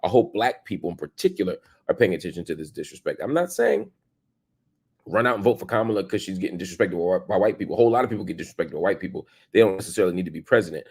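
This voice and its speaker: A low, gravelly man in his forties hosts a commentary show, his husky voice jumping all over in pitch. He argues with rhetorical questions, rising loud, then dropping soft and quiet. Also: animated, rapid-fire. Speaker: show host. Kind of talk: opinionated commentary monologue.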